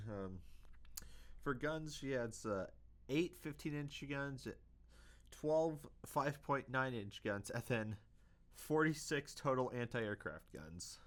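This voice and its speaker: A man's voice: medium pitch, lively intonation, takes it slowly, fairly bright tone. A young man hosting a casual history video, hesitant, with many fillers and self-corrections.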